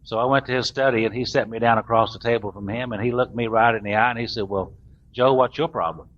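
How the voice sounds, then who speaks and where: A middle-aged recovering alcoholic from the US South tells his story to a meeting, folksy and quick to mock himself, in a medium-pitched voice that moves fast. The lo-fi recording sounds dull, with faint room hiss.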